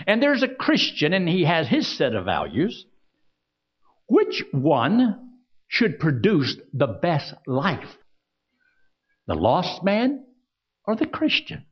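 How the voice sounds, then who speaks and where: A man preaches a sermon, his pitch rising and falling in wide arcs. He puts questions to his listeners and reads verses slowly. The recording sounds dull and lo-fi. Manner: preaching with rhetorical questions and scripture readings. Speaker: pastor.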